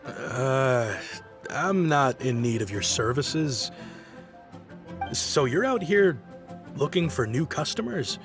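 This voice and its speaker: A man's voice: mid-range voice, expressive, takes it slowly, pauses often. A man voicing a busy, impatient townsman in a video game who speaks curtly. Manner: curt and impatient. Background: game music.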